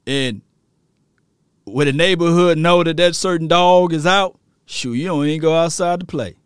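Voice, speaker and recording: A man hosting a sports stream, telling slangy, excitable stories and laughing often. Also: a little high, a little slow, long pauses, clear, resonant tone, no echo, clean studio sound. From rural area. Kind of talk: animated sports talk.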